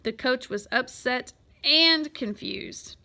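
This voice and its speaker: A woman reading a children's picture book aloud in an expressive, lively way. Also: high-pitched, slow, vocal fry. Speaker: storyteller.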